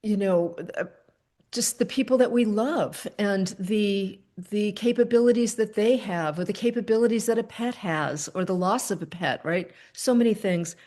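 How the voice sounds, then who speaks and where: An older woman with a mid-range voice hosts a video call gathering. She tells a personal story in a gentle, unhurried way and acts out each speaker in it. She sounds reflective and sincere over the call audio. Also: medium pitch. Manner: gentle, unhurried, acts out the dialogue in her stories. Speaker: host.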